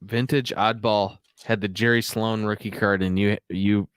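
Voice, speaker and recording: A man's voice: fairly low pitch, fairly even intonation, a little slow, smooth, no room sound. A young man hosting a casual podcast, rambling and laughing a lot as he talks. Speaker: podcast host. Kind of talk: casual chat.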